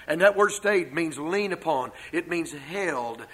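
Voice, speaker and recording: Older preacher, emphatic refrains. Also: male voice, fairly high pitch, moderate pace, few pauses, pushed and bright, poor audio. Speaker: pastor. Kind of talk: sermon.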